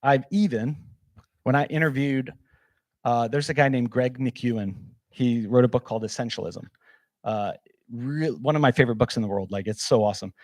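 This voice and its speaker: A man leads a workshop in a loose, energetic way, holding up gear as he talks and leaning on fillers. His voice is warm and mellow and sounds close and dry. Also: mid-range voice, normal speed, dry recording. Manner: casual, energetic, demonstrates gear, many fillers. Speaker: workshop presenter. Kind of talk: live workshop talk.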